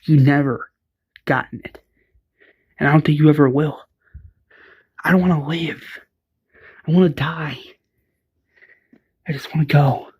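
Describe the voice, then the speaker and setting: A man's voice: a little high, fairly even intonation, a little slow, long pauses, breathy edge, dull audio. A man reading a resigned, despairing woman. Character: despairing woman ready to give up.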